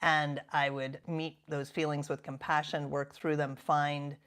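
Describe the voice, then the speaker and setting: A woman in her fifties giving a reflective self-help talk as a coach. Her voice sits a little low, and her delivery is gentle and earnest. She often slows and drops to a soft half-whisper to stress a point. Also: level tone. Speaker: coach and podcast host.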